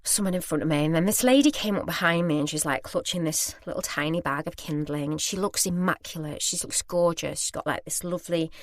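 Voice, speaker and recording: A woman's voice: low voice, fairly quick, few pauses, no echo, studio quality. Chatty British woman telling a story. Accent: British English. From Britain. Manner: chatty, self-deprecating, candid. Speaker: podcast host. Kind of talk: personal storytelling monologue.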